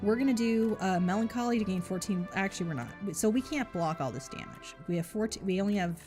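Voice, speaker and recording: A woman's voice: medium pitch, fast, music in the background. A woman streaming a game live, chatting casually in a joking, rambling, mock-boastful way.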